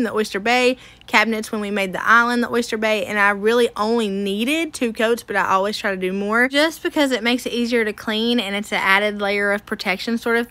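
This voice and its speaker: A woman's voice: on the high side, pushed and bright, no room sound. A woman, from Tennessee, chatting casually to her viewers as a home makeover vlogger, self-deprecating and laughing often. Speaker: home makeover vlog host. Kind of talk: casual chat to camera.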